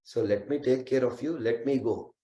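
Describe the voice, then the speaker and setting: Male storyteller as devoted wife, earnest plea, mid pitch, echoey room. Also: normal speed, mellow, lightly acted. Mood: pleading. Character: devoted Brahmin wife offering her life. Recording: roomy echo.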